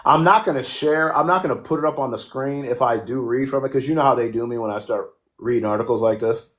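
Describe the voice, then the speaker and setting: A man's voice: medium pitch, fast. Man, livestream host, casual chat, swears a lot, jokey, reads out viewer comments. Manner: profane, joking, reacts to chat.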